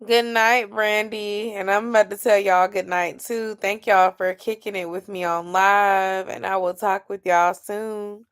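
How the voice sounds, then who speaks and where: A woman's voice: medium pitch, level tone, unhurried, few pauses, clear, resonant tone. A woman, chatting casually and sleepily with viewers on a late-night livestream. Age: 30s. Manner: sleepy, chatty, yawning and laughing. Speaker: livestream host.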